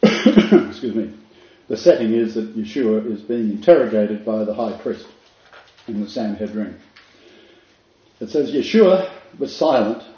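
A man's voice: fairly low pitch, mellow. A man giving a Bible lecture in a conversational way, with many fillers and restarts, reading scripture aloud. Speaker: Bible teacher. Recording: dull, roomy hall recording.

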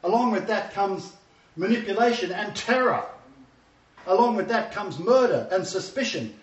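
A man's voice: high-pitched, animated, moderate pace. A man preaching a sermon lecture, emphatic and repeating his key phrases. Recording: distant, roomy, dull sound.

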